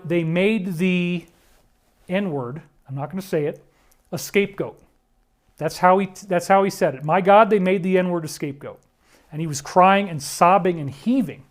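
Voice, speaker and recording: A man with a fairly high voice walks the listener through photos in earnest, conspiratorial commentary. His talk is full of restarts, and he turns pleading and choked up, close to tears. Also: darkish tone. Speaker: speaker presenting disclosure claims. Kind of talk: emotional commentary over photos.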